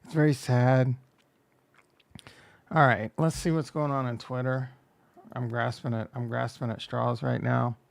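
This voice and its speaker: A man's voice: mid-range voice, fairly even intonation, normal speed, gravelly. A man hosting a casual crypto livestream, rambling and joking as he reacts to chat and runs through coin prices. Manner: rambling, jokey, self-deprecating, reads chat aloud.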